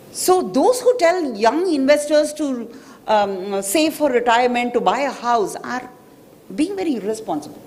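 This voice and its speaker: A woman's voice: on the high side, a little mellow. A woman with an Indian English accent giving a public talk as a financial expert, explaining with frequent "right?" checks to the audience. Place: hotel event hall.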